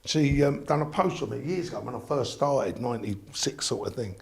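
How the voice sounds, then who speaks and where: An older man with a deep gravelly voice, telling stories in a relaxed, chatty way as a darts referee and voiceover artist. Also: a little fast. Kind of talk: casual chat.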